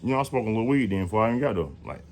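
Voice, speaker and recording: A man in his late twenties tells a story in a loose, slangy way, swearing freely. His pitch swings widely, and he jumps up high whenever he quotes his own surprised lines. The delivery feels like unscripted casual talk. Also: expressive, very fast, a little mellow.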